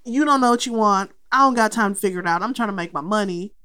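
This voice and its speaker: Hosting a casual film podcast, this young woman talks fast and swears freely, acting out lines from the characters with lots of energy. Her medium-pitched voice comes through clear and resonant.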